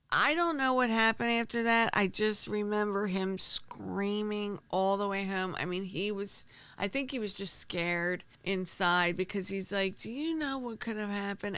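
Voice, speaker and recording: A woman, hosting a true crime podcast and telling stories in an animated, rambling way with many restarts. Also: medium pitch, creaky, smooth, no echo. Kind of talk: casual storytelling.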